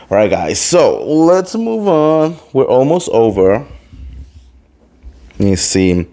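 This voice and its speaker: Guy dishing gossip, animated, keeps acting out quotes, calls everyone girl. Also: lowish voice. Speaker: host. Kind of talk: casual gossip chat.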